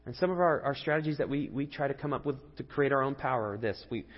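A man in his thirties, preaching as a pastor, tells a story in a mid-range voice at a fast clip, earnest and conversational, with rising emphasis. The audio is dull and lo-fi, with a long hall reverb.

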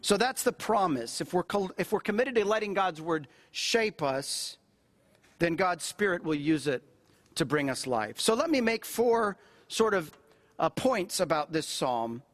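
A man preaching a sermon in a relaxed, conversational manner with a high voice. He is middle-aged and drives his points home by repeating key phrases. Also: a little slow. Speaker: pastor.

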